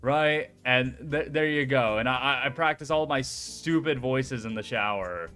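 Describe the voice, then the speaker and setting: Young man, casual chat, excitable, mid-pitched, faint music behind. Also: measured pace. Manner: chatty, excitable, swears casually. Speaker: streamer.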